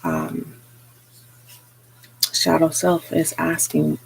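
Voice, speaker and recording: Slow, flat, gravelly tarot reader. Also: medium pitch, slight background noise, rough recording. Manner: slow, hesitant, many pauses and fillers; earnest, encouraging. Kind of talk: live spiritual reading monologue.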